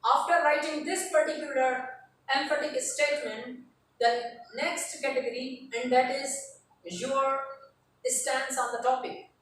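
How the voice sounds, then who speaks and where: A high-voiced woman lectures on writing, heard from some distance away. The room is very echoey and has a faint hiss behind her. She explains each step plainly and repeats the key terms. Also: steady tone, a little slow, fairly bright tone. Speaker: writing teacher. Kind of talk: classroom lecture.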